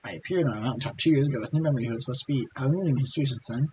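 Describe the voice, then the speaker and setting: A hoarse man reading the lines of a stiff, formal man with no memory, curt in tone. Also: medium pitch, racing, mellow, slight background noise, lightly acted.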